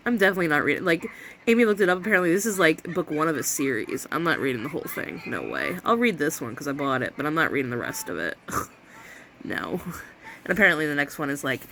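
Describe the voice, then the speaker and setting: Brief: woman vlogger, casual chat at home, very animated pitch, sarcastic and laughing. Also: quick pace, slight background noise. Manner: exasperated, sarcastic, laughs often. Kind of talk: casual book chat to camera.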